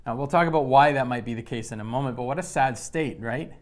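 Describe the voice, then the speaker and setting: A man's voice: medium pitch, fast. A man preaching a sermon in a conversational way, often restarting and repeating words. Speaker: pastor.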